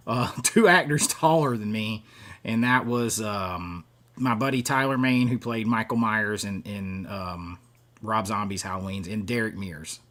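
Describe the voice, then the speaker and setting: A man's voice: lowish voice, a bit bright. A middle-aged man hosting a live stream, chatting casually and rambling as he reads viewer comments, often chuckling between thoughts.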